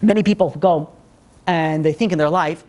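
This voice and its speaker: A woman teaching a religious class, telling stories in a lively way with many "you know, like" fillers and acted-out quotes. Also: moderate pace. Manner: animated storyteller, acts out quotes with big pitch jumps. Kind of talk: religious lesson storytelling.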